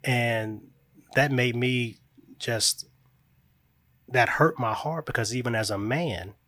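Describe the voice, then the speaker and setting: Speaking slowly at a medium pitch, with a slightly bright quality, a man shares earnest, reflective stories about parenting his young son. He's a guest and a grieving father in a casual conversation, recorded with no room sound.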